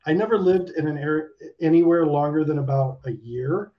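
A man around fifty, a guest in a casual interview, telling stories in an animated way, swearing and laughing, with lots of "like". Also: on the high side, a little fast. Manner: animated, swearing storyteller full of likes and laughs. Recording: dull lo-fi sound.

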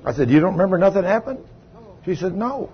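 A man, a pastor preaching a sermon, telling a story in a low voice and then rising loud and emphatic. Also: expressive, fast, lo-fi sound. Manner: swings from low quiet telling to loud raised retelling. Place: church sanctuary.

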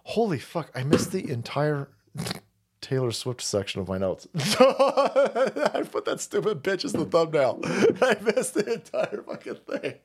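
Brief: a male stream host, rambling and profane, animated pitch, slightly high. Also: unhurried, breathy edge. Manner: profane, rambling, sarcastic, laughs often. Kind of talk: ranting commentary.

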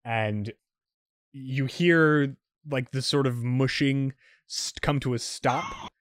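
A man's voice: mid-range voice, slow pace, no room sound, clean studio sound. A man narrating as game master for a tabletop game, rambling with many fillers and restarts.

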